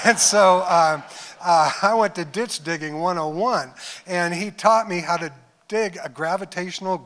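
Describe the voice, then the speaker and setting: A man's voice: fairly high pitch, fairly bright tone. An older man, a pastor, preaching a sermon and telling personal stories, acting out the dialogue with frequent chuckles. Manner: storytelling, acts out quoted dialogue, chuckles often. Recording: long hall reverb.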